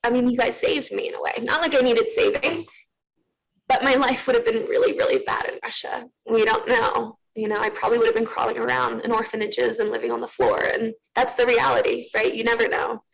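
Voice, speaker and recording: Earnest woman with a gravelly edge. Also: fairly high pitch, fairly even intonation, fairly quick, rough recording. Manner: earnest, candid, many fillers and restarts. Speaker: guest. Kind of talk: personal story in an interview.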